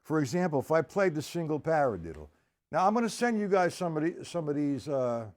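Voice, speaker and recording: A man's voice: fairly high pitch, very animated, a little fast, darkish tone. A man giving a casual live-streamed drum lesson and chatting with viewers between exercises. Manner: casual, chatty, reads viewer comments aloud. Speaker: drum teacher. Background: drums played between talk.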